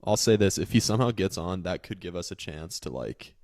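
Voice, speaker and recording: A man's voice: low-pitched, expressive, brisk, darkish tone, no room sound. A young man co-hosting a podcast in casual chat, laid-back and joking, often laughing. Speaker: podcast co-host.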